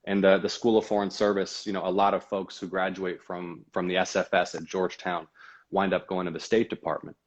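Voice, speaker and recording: A man running for office, answering interview questions in an earnest, measured way. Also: low-pitched, little pitch movement. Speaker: guest, political candidate. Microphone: video call. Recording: dull lo-fi video call audio.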